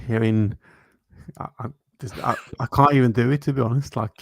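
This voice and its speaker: A man's voice: medium pitch, steady tone, fairly quick, gravelly, breathy edge, no echo. A man co-hosting a football podcast, chatting casually in a hesitant, filler-heavy way and swearing now and then. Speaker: podcast co-host.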